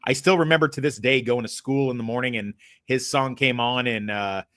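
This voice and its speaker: A man in his late forties chatting casually on a podcast, telling stories with lively swearing and impressions. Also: medium pitch, brisk, dry recording, clean studio sound. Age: 40s. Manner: animated storyteller, swears freely, does impressions. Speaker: podcast co-host. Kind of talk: casual chat.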